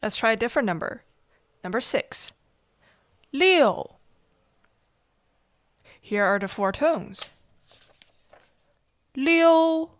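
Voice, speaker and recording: A woman hosting a language podcast, slowly demonstrating Mandarin tones with patient pauses for repetition. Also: medium pitch, fairly bright tone, no room sound. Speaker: host, Mandarin teacher. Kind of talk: slow, deliberate language lesson.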